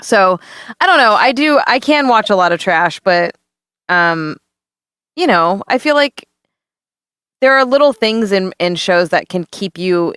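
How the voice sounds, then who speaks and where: A woman co-hosting a podcast, chatting casually and frankly, with lively swearing. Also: medium pitch, unhurried, pauses often, clear, resonant tone, no room sound, clean studio sound. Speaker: podcast co-host. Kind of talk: casual chat.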